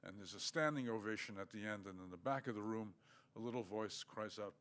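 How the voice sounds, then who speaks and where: Older man giving a halting lecture. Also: lowish voice, a bit bright. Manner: measured, halting, with many fillers. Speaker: guest lecturer. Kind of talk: academic lecture.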